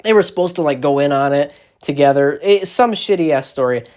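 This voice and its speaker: A man's voice: fairly high pitch, a little fast, clear, resonant tone. Rambling, swearing man telling a story. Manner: rambling, animated, swears often. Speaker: social media creator. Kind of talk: casual storytelling on a phone livestream. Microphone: phone.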